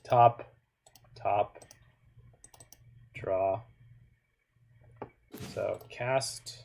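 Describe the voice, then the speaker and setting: A man's voice: mid-range voice, a little slow, long pauses. A man from Canada, giving casual, joking commentary while he plays an online card game, with muttered asides in between.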